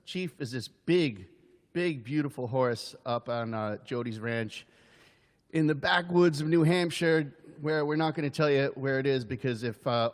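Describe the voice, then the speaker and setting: A man's voice: medium pitch, long reverb tail. A man livestreaming as a busker, singing and chatting loosely with his viewers, joking and swearing casually. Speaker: busker hosting a live stream. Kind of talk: live-streamed singing and chat with viewers. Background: his own acoustic guitar.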